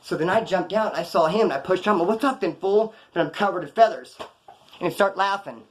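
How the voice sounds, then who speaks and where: A man rattles off his stories at a quick clip in a slightly raised voice. He talks in rough street slang, casual and rambling, to the camera. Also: high voice. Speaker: former prisoner telling stories.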